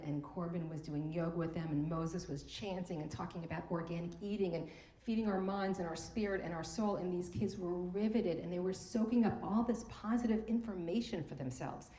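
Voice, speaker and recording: Middle-aged woman, mellow, earnest storyteller, emotional, echoey room. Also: on the low side. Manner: heartfelt, emotional, repeats words when moved. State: tearful at times. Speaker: speaker at a morning talk event. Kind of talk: personal storytelling talk. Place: event room.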